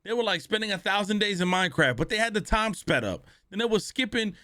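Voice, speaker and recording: A man's voice: sits high, animated, quick pace, bright, forceful tone, no room sound, studio quality. A man live-streaming a reaction, talking bluntly with lots of cursing and speaking straight to his chat.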